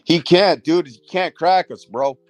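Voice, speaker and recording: A man's voice: a little high, measured pace, no room sound. A man hosting a casual livestream, talking bluntly and profanely as he scolds a rival. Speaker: livestream host.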